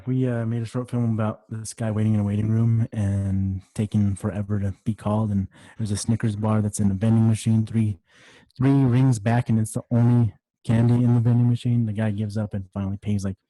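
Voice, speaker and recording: Deep dark-voiced man chatting. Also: level tone, a little fast, no echo, rough recording. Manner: storytelling, laughs easily. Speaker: podcast co-host. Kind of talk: casual chat.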